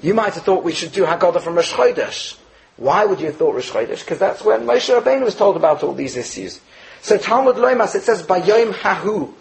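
A man's voice: high voice, big pitch swings, a little fast, vocal fry, low-quality recording. A man teaching a Torah class, asking rhetorical questions and weaving Hebrew phrases into his English explanation. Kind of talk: Torah lecture on the Haggadah.

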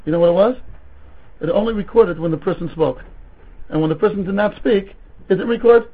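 A man, a rabbi teaching a Talmud class, lecturing with rhetorical questions and stories in an animated way, mixing Hebrew and Yiddish terms into his English. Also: sits high, brisk, slightly rough. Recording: tinny phone-like recording.

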